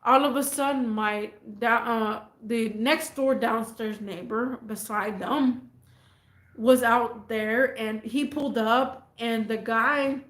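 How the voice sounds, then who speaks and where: A woman vlogger telling a neighbor story in a rambling, animated, slangy way. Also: on the high side, slow pace, reverberant. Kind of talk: casual storytelling.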